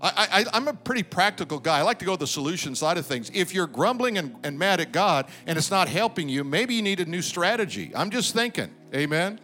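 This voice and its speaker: A man preaching a sermon as pastor, conversational, reading and acting out scripture, then dropping to quiet reflective tones. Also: sits high, sing-song, a little fast, few pauses, soft background music.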